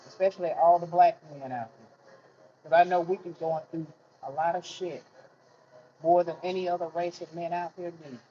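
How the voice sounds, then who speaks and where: A man speaks in a somewhat high, light voice, venting bluntly and swearing freely in a candid monologue. He is heated and plainspoken throughout. The recording is dull and lo-fi, with faint noise underneath. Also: fairly even intonation, moderate pace, mellow. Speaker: vlogger telling his life story.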